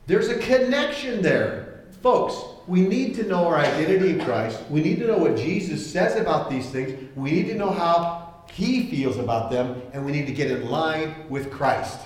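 A man preaching a sermon as pastor, conversational and animated, acting out the voices he quotes. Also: fairly high pitch, normal speed. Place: church hall. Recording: echoey hall.

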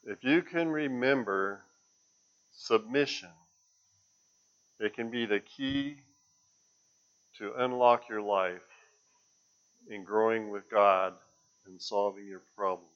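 Slow, earnest man preaching. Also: on the low side. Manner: earnest, halting with fillers. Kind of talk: sermon. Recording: dull lo-fi sermon recording.

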